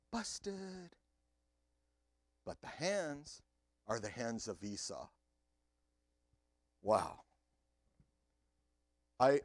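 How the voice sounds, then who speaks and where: Lively, expressive male preacher. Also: mid-range voice, dry recording, clean studio sound. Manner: animated, talks straight to the congregation. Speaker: pastor. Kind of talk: sermon.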